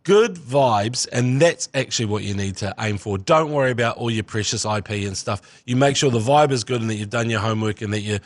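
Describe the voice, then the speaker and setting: A man with a New Zealand accent co-hosting a casual podcast chat, sweary and animated. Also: on the low side, a little fast, few pauses, no echo. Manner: sweary, animated, jokes in put-on voices. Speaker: podcast co-host.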